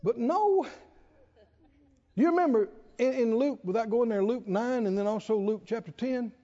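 A man preaching a sermon, animated and laughing often, drawing call-and-response from the congregation. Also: very high-pitched, moderate pace. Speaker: pastor. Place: large church hall with congregation. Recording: dull lo-fi hall recording.

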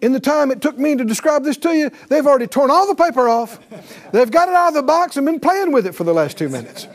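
A male pastor preaching a sermon, animated and calling on the congregation to answer back, often laughing. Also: very high voice, quick pace.

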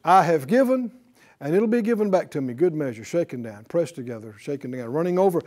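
Guy preaching a sermon, voice up high and bouncy, laughs at his own jokes. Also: fast. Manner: lively, laughing asides, quotes scripture, acts out little dialogues.

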